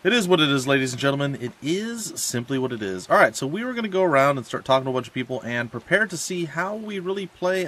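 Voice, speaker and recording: Brief: man, casual gameplay commentator, chatty and lively, home desk mic. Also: mid-range voice. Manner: chatty, rambling, jokey. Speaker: let's play host.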